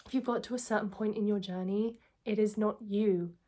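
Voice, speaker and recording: A woman's voice: medium pitch, steady tone, normal speed, warm tone. A woman, telling a personal story and giving self-help advice in a candid, reflective, earnest way.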